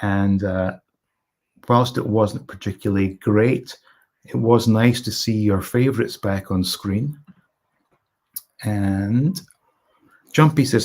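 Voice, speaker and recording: A middle-aged man from Scotland speaks at a measured pace in a mid-range voice while running a relaxed live stream. He reads out comments from viewers and says hello to chatters by name.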